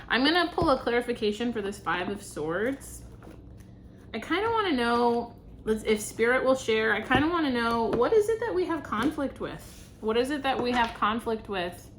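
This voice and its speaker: Young woman doing a chatty tarot reading, slightly high voice, laughs a lot. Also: noisy background. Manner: chatty, laughs often, warm reassurance. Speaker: tarot reader. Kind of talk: casual intuitive tarot reading.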